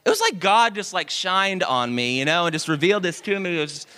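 A high-voiced man preaches with a lively, swooping delivery and plenty of self-mocking asides. His voice is bright and ringing, and it carries through a long reverb that fills a large church hall. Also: a little fast, clean tone. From Dallas, Texas. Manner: animated, self-mocking, confiding asides to the audience. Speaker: pastor. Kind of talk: storytelling sermon.

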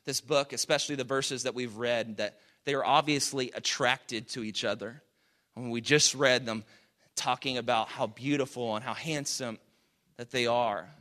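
A male pastor preaching a sermon to a live congregation, building to loud emphatic peaks and dropping low and quiet, with soft music behind. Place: church auditorium with live audience.

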